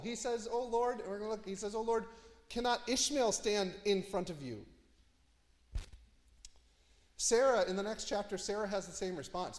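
A man with a high-pitched voice preaches a sermon, telling the story with lively asides. He sinks low and quiet to stress a point. His voice rings with the long reverb of a church hall. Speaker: pastor. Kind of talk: expository sermon.

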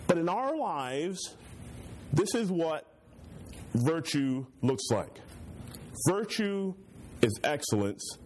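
Chatty pastor teaching a Bible class. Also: male voice, on the high side, sing-song, slow pace, pauses often, darkish tone, a little hiss or hum. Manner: conversational, joking, uses homey illustrations.

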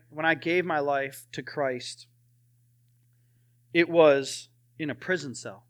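His voice a little high, a young man tells his testimony within a sermon, alternating forceful, loud stresses with quiet lines that are nearly whispered.

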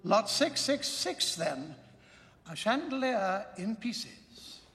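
An actor playing a formal auctioneer at a theater sale, announcing in a measured way. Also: male voice, sits high, very animated, fairly bright tone, exaggerated voice. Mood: solemn. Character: stately male auctioneer at an old theater sale. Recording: film audio with long reverb.

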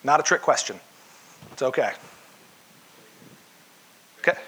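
A man's voice: medium pitch, expressive, takes it slowly, sharp tone, slight background noise. A male pastor preaching a conversational sermon to his congregation, asking them questions along the way.

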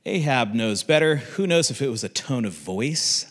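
A man's voice: medium pitch, animated, moderate pace. A man giving a casual Bible teaching, telling the story conversationally with asides. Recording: long reverb.

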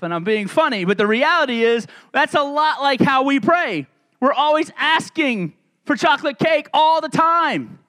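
A man's voice: very high voice, bright, forceful tone. A middle-aged male pastor preaching a sermon in a conversational, joking manner with frequent asides.

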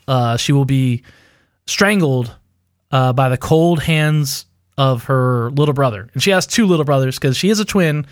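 A man's voice: a little high, no room sound, studio quality. A man co-hosting a casual chat, rambling through a theory with lots of fillers and self-mocking laughs. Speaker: podcast co-host.

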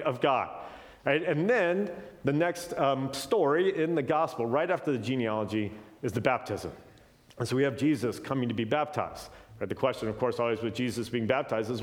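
A man preaching from Scripture in a relaxed, conversational way. He keeps checking in with his listeners and moves between quick stretches and slow, stressed points. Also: mid-range voice. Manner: casual, often adds "right?" as a check-in; animated, shifting pace. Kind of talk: conversational Bible teaching.

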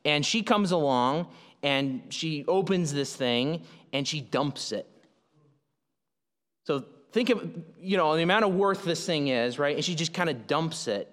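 A man's voice: a little high, lively intonation, unhurried, a bit bright. Man preaching in an echoing hall. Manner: conversational, explanatory, frequent fillers and restarts. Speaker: pastor. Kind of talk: sermon.

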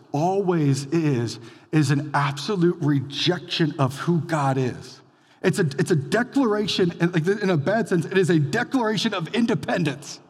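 A man's voice: mid-range voice, husky. Man preaching a sermon in a reverberant hall. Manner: conversational preaching, swings between loud emphatic bursts and quiet drops. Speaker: pastor. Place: church sanctuary.

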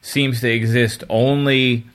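A man with a bright, forward tone chats on a podcast. His pitch sits in an ordinary middle range. He talks fast and piles on opinions, now and then slipping into a mocking voice to quote a character. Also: flat delivery. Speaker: podcast co-host. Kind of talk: casual podcast discussion.

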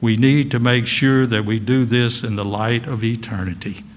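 A male pastor preaches with folksy asides and emphatic declarations. His voice sits at an ordinary middle pitch. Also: fairly even intonation, moderate pace, big-room sound, slight background noise. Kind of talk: sermon.

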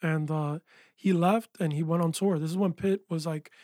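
A man, a music producer and engineer, telling his story in a casual interview with animated energy, saying "yo" and "like" a lot. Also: a little high, moderate pace, dry recording. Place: small recording studio.

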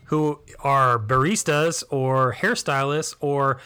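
A man's voice: mid-range voice, lively intonation, moderate pace, fairly bright tone. A man co-hosting a podcast, joking around in casual, profane banter. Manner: jokey, profane, goofy bits. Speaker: podcast co-host. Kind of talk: casual chat.

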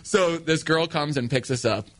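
Animated male storyteller, dry studio. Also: on the high side, normal speed, dry recording. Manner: acts out quoted voices, laughs mid-story. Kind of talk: casual chat, animated storytelling.

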